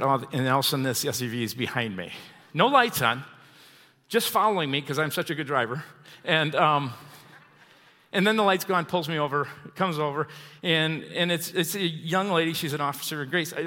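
A man preaching in a church sanctuary, his bright, somewhat high voice trailing off into a long hall reverb. He tells stories with a chuckle and an animated delivery. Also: brisk. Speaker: pastor. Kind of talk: sermon.

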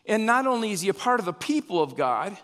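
Male pastor, sermon delivery, slightly high voice, long hall reverb. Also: quick pace. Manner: animated preaching, pitch rising and falling with emphasis.

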